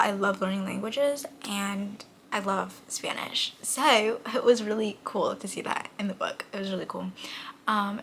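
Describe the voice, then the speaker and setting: A young woman from New York State chatting casually as a book vlogger, gushing and often dropping into a soft whisper. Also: medium pitch, gravelly, a little hiss or hum. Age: young adult. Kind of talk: casual chat.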